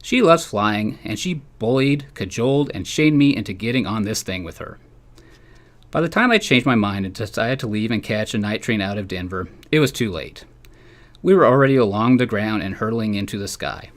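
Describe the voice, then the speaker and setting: A man with a fairly low voice reads a humorous newspaper column aloud. His delivery is wry and deadpan, letting mock panic play straight. He sounds like a sports writer sharing a favorite columnist. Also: moderate pace.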